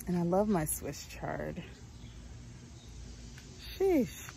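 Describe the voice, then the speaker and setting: A woman walks through her garden talking in a slow, unhurried way, her voice sitting a little low. Her chat is folksy and loose, dotted with ums. Faint outdoor noise sits behind her. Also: rough recording. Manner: chatty, folksy, with frequent ums. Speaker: homestead vlogger. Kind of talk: casual garden walkthrough.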